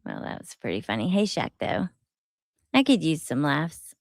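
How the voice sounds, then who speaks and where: A woman's voice: sits low, wildly swooping pitch, moderate pace, no room sound. Woman, stream host, casual commentary, frequent laughter, profane, rambling, dead dry sound. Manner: laughs often, swears freely, rambling. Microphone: headset.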